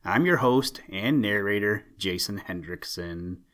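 A man hosting a story podcast, reading children's stories in a calm, earnest way. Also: lowish voice, a little slow. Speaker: host and narrator.

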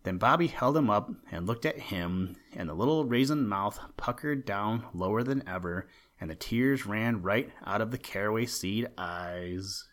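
A man hosting a podcast, reading a children's story aloud in a gentle, measured storytelling manner. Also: fairly low pitch. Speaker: podcast host and story reader. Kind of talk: storybook read-aloud narration.

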